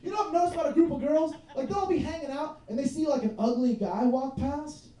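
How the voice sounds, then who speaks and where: A man's voice: very high voice, fast, mellow, far from the mic. Rambling young male stand-up comic, echoey club. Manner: loose, profane, rambling with fillers like "you know what I mean". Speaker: stand-up comedian. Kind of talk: stand-up comedy set. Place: small comedy club.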